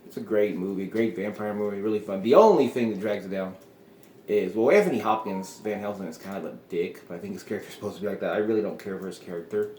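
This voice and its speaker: A man's voice: on the low side, fast talker, a little mellow, roomy sound, a little hiss or hum. A man hosting a casual solo show, rambling through his thoughts with frequent chuckles and trailing off. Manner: meandering, chuckling often, trailing off. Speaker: podcast host.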